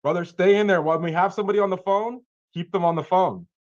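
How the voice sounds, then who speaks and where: A man giving casual coaching feedback on cold calls over a video call, animated and acting out short lines of callers and sellers. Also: sits high, fast, dull audio.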